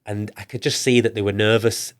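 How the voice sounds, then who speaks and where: A man's voice: lowish voice, steady tone, fairly quick. A man with a northern English accent, a business guest telling his story in a casual podcast interview, rambling along with restarts and acting out the things people said to him. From northern England. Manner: rambling, with restarts and acted-out quoted dialogue. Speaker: entrepreneur guest.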